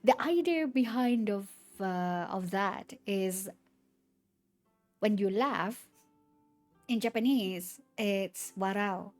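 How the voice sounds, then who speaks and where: A young woman streamer chatting casually with her viewers, retelling things in a halting, rambling way with many restarts. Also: medium pitch, animated, darkish tone, soft background music.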